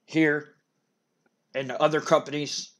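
A man voicing a sinister wrestler villain who speaks for a dark lord, talking slowly and ominously. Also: flat delivery. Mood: menacing. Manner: slow, booming, ominous delivery.

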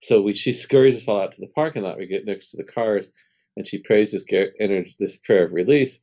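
A very low-voiced man in his fifties with a mellow, dark tone tells his story as a guest on an interview podcast. He is animated and conversational, slipping into the voices of the people in his anecdote. The audio is slightly dull and lo-fi. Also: fairly quick. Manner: animated storyteller who acts out dialogue and laughs often. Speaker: guest, spiritual healer.

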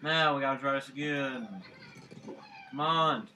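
A man's voice: mid-range voice, steady tone, unhurried. A man doing let's play commentary, rambling and talking to himself while he plays. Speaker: gaming channel host.

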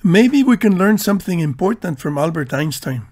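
A man reading a scripted, tongue-in-cheek voice-over with dry, deadpan humor. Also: high voice, moderate pace. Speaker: video narrator.

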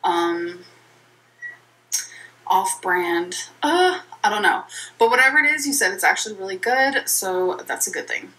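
A woman's voice: mid-range voice, lively intonation, measured pace, sharp tone, rough recording. A woman chatting casually in a vlog, rambling and giggly. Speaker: vlogger in a played clip.

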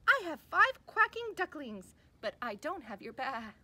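A woman's voice: sits high, very animated, measured pace, pushed and bright, heavily acted. A woman doing a proud chirpy mother duck. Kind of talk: children's storybook reading.

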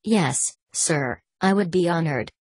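A devoted, earnest henchman answers his master in a low, husky voice, as a woman narrator reads him. His words come slowly. The sound is close and dry. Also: expressive, darkish tone, no room sound, exaggerated voice. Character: devoted male monk henchman, earnest and eager.

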